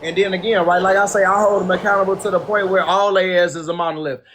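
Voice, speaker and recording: A man's voice: high voice, steady tone, quick pace, fairly bright tone, a little hiss or hum. A man hosting a podcast, ranting in a profane, aggressive and scornful way. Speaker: podcast host. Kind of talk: heated opinion rant.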